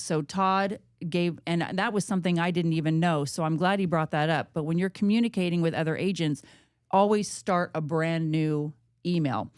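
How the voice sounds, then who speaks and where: A woman co-hosting a real estate podcast, telling a personal story in a lively, chatty way. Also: on the low side, clear, resonant tone, no echo, clean studio sound. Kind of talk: casual podcast chat.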